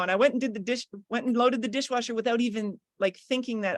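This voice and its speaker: A middle-aged woman leading a guided visualization on a group video call, lively and coaching, swinging between bubbly and hushed. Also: on the high side, brisk, no room sound, studio quality. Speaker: workshop guest leading the call.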